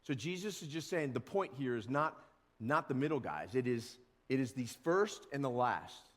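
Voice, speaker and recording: A male pastor giving a casual, animated sermon and now and then acting out grumbling workers. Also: mid-range voice, moderate pace, long reverb tail. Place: church sanctuary.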